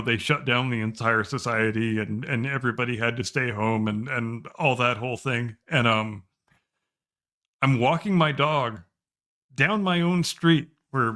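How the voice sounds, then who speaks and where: A man's voice: medium pitch, sharp tone. A middle-aged man co-hosting a podcast in casual chat, ranting emphatically and swearing. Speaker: podcast co-host.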